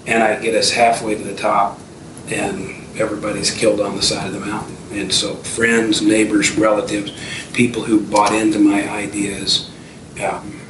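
Here the fifties-aged entrepreneur guest sounds low-ish and flat, keeping a moderate pace while he spins stories in a casual interview. Restarts and fillers crop up often. The sound is roomy and far off, with some faint noise.

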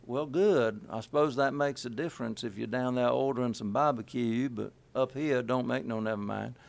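A man from Kansas City, a voice actor, chatting in an interview with rambling, halting sentences full of restarts and asides. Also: medium pitch, creaky. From Kansas City, USA. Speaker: voice actor guest. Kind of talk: casual interview chat.

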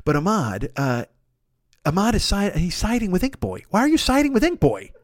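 Animated, high-voiced swearing man storyteller. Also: normal speed, no room sound, studio quality. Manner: animated, swearing, acts out both sides of the dialogue. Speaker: podcast host. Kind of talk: profane comic storytelling.

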